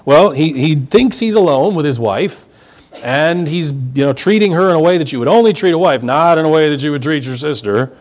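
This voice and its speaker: Male Bible teacher, emphatic and conversational, with a lively, somewhat high voice. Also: a little fast. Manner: conversational, emphatic, explains verse by verse. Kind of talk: expository sermon.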